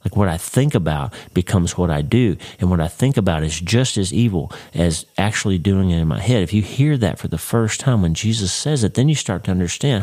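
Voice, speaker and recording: Man, podcast Bible teacher, devotional teaching, earnest, conversational, deep voice, warm tone. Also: lively intonation, fairly quick, few pauses. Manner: conversational, earnest, asks the listener direct questions.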